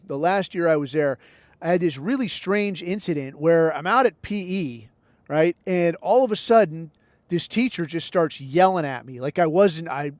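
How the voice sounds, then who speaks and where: American male host, higher voice, casual wry storyteller, dry close sound. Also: dry recording. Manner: loose, wry storyteller acting out other voices. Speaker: podcast host.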